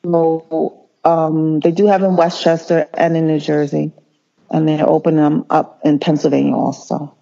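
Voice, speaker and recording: A male nurse speaking as an interview guest, earnest and impassioned, often halting and restarting mid-sentence. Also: a little high, level tone, creaky, dark tone. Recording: muffled lo-fi audio.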